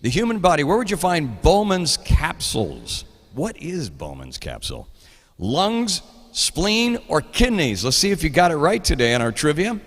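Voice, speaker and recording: A man's voice: fairly high pitch, huge pitch swings, normal speed, long reverb tail. A middle-aged man with an Oklahoma accent, hosting a live show in casual chat, laughing often as he reads out trivia.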